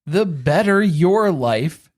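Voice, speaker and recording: A woman's voice: lowish voice, lively intonation, slow pace, darkish tone, no echo. A woman co-hosting a podcast, recapping a reality show in casual chat with dry, sarcastic humor. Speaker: podcast co-host.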